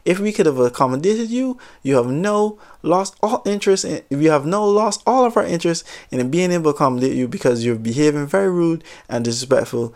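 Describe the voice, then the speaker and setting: A man doing a stern, fast-scolding female clerk. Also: on the high side, lively intonation, voice pushed up. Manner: firm, rapid, scolding. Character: stern senior female customer service rep.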